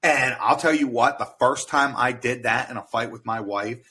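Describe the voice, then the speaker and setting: An American man with a bright, forceful voice, talking casually on a podcast. He tells stories with energy, slipping into the voices of the people he quotes and swearing freely. His pitch sits in an ordinary middle range. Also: normal speed, a little hiss or hum. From United States. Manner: animated storyteller who acts out quoted dialogue and swears freely. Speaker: podcast guest, military veteran. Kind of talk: casual chat.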